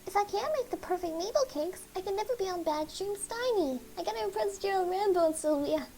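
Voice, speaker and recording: A woman putting on a very high, bouncy little-girl voice that swoops up and down as she plays an excitable young girl from a game. She gushes and makes everything sound dramatic. A faint hiss sits under the voice. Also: fairly quick, rough recording. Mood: dramatic pleading. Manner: gushing, theatrical.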